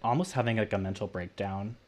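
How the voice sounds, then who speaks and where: His voice is fairly low and a little mellow, and he speaks slightly fast. He's a young man co-hosting a podcast, casually walking through a horror movie's plot, saying "like" constantly and acting out what the characters say.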